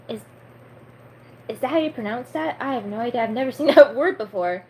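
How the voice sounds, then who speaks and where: A woman's voice: a little high, brisk, long pauses, a little mellow, slight background noise, low-quality recording. A twenty-year-old woman chatting casually on a live stream and reading a book aloud, full of fillers and stumbling over unfamiliar words.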